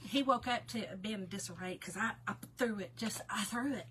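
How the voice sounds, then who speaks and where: A woman hosting a casual livestream, telling a story to her viewers in an animated way and often breaking into laughter. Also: mid-range voice, moderate pace, slight background noise. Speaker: livestream host.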